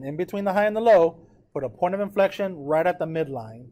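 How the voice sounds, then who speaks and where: This classroom lecture features a man with a slightly high, mellow voice and lively intonation. He takes a casual, encouraging approach to the math lesson and keeps asking the students if they follow.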